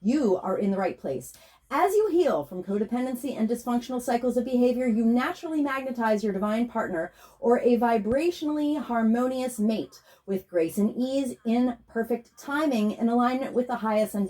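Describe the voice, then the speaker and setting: A woman, a spiritual healing facilitator, reading a scripted guided meditation and invocation in a slow, measured way. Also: a little high, expressive, dark tone.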